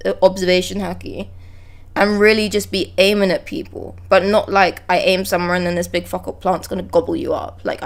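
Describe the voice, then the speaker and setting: A woman on a live stream talks casually into a close desk microphone. She is chatty and blunt, swears freely, and reads panels aloud in between her reactions. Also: medium pitch. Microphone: close desk mic.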